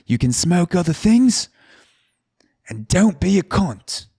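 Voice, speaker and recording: A brash Australian bartender barks out the house rules, blunt and foul-mouthed, as a man puts him on. The voice jumps well above the man's own low voice and comes out loud and pushy. Bossy and crude. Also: big pitch swings, slow pace, creaky, breathy edge, dry recording, clean studio sound, full character voice. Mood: bossy, announcing. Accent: put-on Australian.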